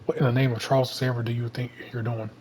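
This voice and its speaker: A sharp-tongued Southern superhero woman, read aloud by a man in a casual comic read-through. She comes across in a flat, steady Southern drawl at an even mid pitch, nearly his own plain reading voice. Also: quick pace, a little hiss or hum, close to an everyday voice, low-quality recording. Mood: scolding. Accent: Southern American.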